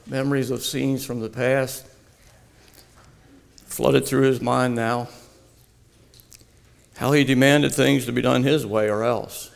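A man reading a devotional story aloud in a slow, earnest storytelling manner. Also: mid-range voice, fairly even intonation, creaky. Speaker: narrator. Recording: long hall reverb.

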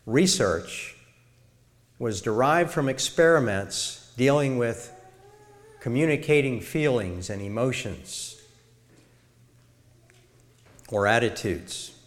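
A middle-aged man giving a sermon-style talk to a church congregation in a measured way, illustrating his points. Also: mid-range voice. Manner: measured, demonstrates tones of voice. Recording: long reverb of a large hall.

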